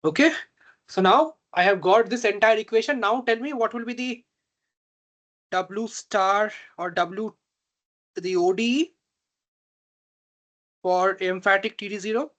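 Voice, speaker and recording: Slow-talking man tutoring math online. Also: high-pitched, a bit bright. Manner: slow, halting, checks understanding.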